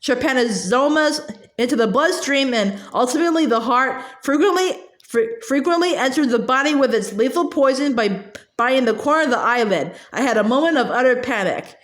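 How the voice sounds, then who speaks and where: A woman with a high voice reads a first-person novel aloud. She stumbles and fills pauses with hesitant sounds as she goes. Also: expressive. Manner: halting, with many filler sounds and restarts. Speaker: audiobook reader.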